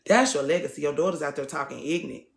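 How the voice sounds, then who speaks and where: A woman's voice: low voice, quick pace, echoey room. A woman hosting a TikTok live, talking casually to her viewers in a blunt, preachy way and swearing freely.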